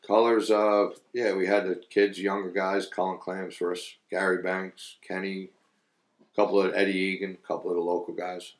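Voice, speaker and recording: Reminiscing about old times, a man who used to dig clams tells loose, laughing stories full of fillers. He speaks at a moderate pace in a low-pitched, level tone.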